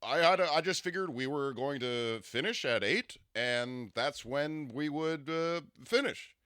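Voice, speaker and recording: A man doing a comedic impression of a formal, slow-talking man with an announcer-like voice. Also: on the high side, sharp tone, clear, resonant tone, no echo, clean studio sound, pitched above the performer's own voice.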